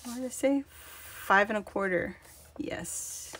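A woman with a medium-pitched voice speaks slowly over very noisy audio. She hosts a live craft stream, chatting casually, laughing often and greeting viewers by name.

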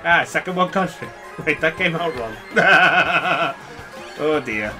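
A male game streamer giving excitable live commentary, laughing often and chatting with viewers. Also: on the high side, slow, soft background music.

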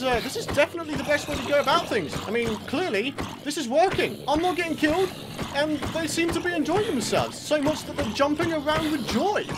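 A let's play gamer giving excitable, jokey gameplay commentary with loud outbursts. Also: high-pitched, noisy background.

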